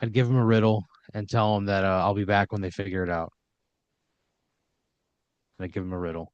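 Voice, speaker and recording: Blunt, grumpy low-voiced man. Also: fairly even intonation, brisk, clear, resonant tone, dry recording, dull audio. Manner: blunt, grumpy, swears freely. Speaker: podcast co-host playing the story's hero. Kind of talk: casual banter.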